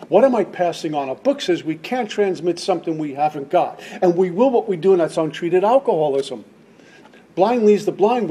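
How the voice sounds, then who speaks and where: Mellow and husky, on the high side, this middle-aged man's voice carries an emphatic personal testimony at a recovery meeting. He speaks in an impassioned, preacher-like way, repeating lines to stress them.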